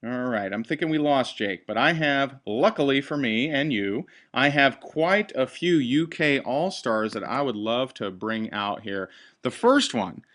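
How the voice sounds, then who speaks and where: Upbeat man pitching a business. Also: expressive, a little slow, a bit bright. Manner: upbeat, enthusiastic salesy pitch. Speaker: host. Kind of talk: sales presentation on a call.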